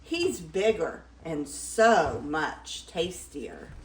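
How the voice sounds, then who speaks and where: A grandmother voicing a tiny, timid young billy goat who squeaks and pleads in a read-aloud story. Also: very animated, very slow, far from the mic, full character voice. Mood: pleading, eager. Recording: roomy echo.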